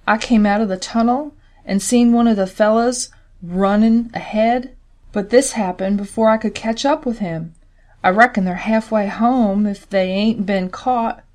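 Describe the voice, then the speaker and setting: A woman's voice: medium pitch, unhurried, a little mellow, voice pushed up, close to an everyday voice. A woman reading as a pleading wounded young soldier. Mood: explaining. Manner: pleading, folksy country speech. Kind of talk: audiobook character reading.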